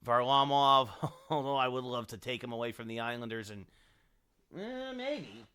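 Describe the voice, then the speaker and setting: This man has a medium-pitched, expressive voice with a sharp, clean tone, speaking at normal speed. He's streaming a hockey game late at night, giving live commentary. He scrolls through players, thinks aloud in a rambling way, and chats with viewers.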